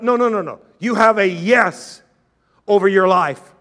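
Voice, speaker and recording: A male pastor preaching a sermon with passion, calling on the congregation to answer back and acting out doubters' objections in a quieter voice. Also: high-pitched, normal speed.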